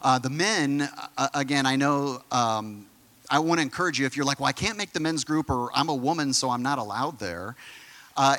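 A man's voice: fairly high pitch, bright, forceful tone. A man pastor preaching a conversational sermon, full of fillers and questions to the congregation.

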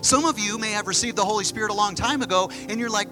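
Male pastor, high-pitched, relaxed chatty preaching style, recorded in a church with music underneath. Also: rough recording. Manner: casual, conversational preaching with quick asides. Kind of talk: sermon. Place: church sanctuary with stage. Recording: music behind the voice. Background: music playing.

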